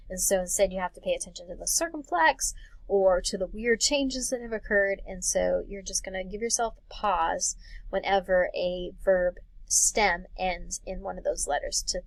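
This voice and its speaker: A woman's voice: mid-range voice, creaky, no echo, rough recording. A woman teacher giving a recorded class lecture in a friendly, encouraging, conversational way. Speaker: Greek teacher.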